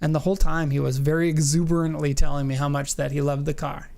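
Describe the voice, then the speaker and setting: A man hosting a casual podcast, telling stories in an animated way and acting out the people in them. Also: fairly high pitch, quick pace, creaky. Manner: animated storyteller, acts out the people in his stories. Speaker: podcast host, car exporter.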